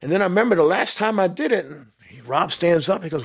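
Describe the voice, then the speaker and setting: A man telling a lively story as a podcast guest, laughing often and acting out what others said. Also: sits high, fast, breathy edge. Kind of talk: storytelling interview.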